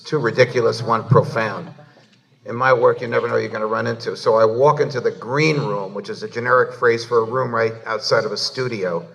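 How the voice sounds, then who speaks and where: A man from New Jersey stands before a banquet audience, spinning funny anecdotes toward their punchlines. His voice sits in an ordinary middle register and is caught from a little way off the microphone, so the hall around him softens it. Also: mid-range voice, recorded from a distance. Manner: humorous, building up anecdotes to a punchline. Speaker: keynote speaker. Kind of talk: storytelling speech at a banquet.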